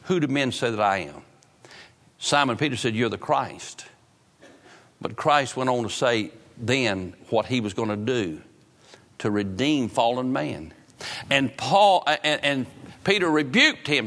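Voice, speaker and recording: A man preaching a sermon, swinging from loud outbursts to low, drawn-out phrases. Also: animated. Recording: long hall reverb.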